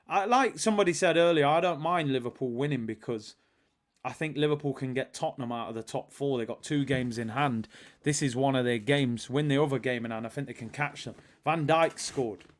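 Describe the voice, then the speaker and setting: A man hosting a live football watch-along stream, chatting casually, reading viewer messages aloud and calling the match action. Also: mid-range voice. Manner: chatty, reads out viewer super chats, excited match calls.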